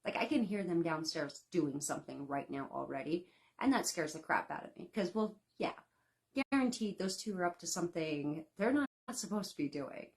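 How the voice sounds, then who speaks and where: Chatty folksy mom teaching online. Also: female voice, fairly low pitch, animated, normal speed. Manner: chatty, folksy, frequent laughs and fillers. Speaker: baking instructor. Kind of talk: casual live-class talk. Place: home.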